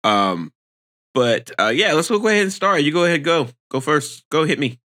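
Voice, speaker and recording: Bright-voiced animated man. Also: moderate pace. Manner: animated, pitch jumps when excited. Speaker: podcast co-host. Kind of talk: casual chat.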